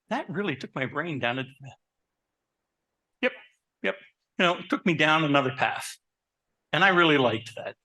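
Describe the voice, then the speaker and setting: A man who works as a therapist, giving a lively talk to an audience, asking them questions and telling stories about his own life. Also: fairly high pitch, normal speed, pauses often. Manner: animated, asks the audience questions; personal anecdotes, conversational. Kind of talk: live presentation to an audience.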